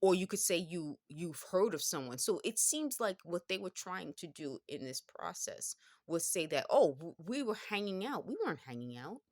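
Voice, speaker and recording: A woman in her fifties speaks with a New York accent in a notably low voice, recorded dry and close with no room sound. She talks in a loose, rambling vlog monologue, circling back and correcting herself as she goes. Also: lively intonation, moderate pace, hardly any pauses, no echo. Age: 50s.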